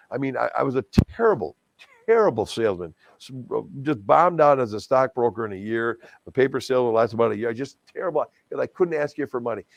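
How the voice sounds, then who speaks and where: A middle-aged man from Wisconsin, a charity auctioneer telling stories in a casual interview, lively and self-deprecating, often restarting his words. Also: mid-range voice, vocal fry, dry recording, muffled recording. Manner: animated, self-deprecating, many restarts and stammered repeats. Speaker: guest, charity auctioneer and stadium announcer.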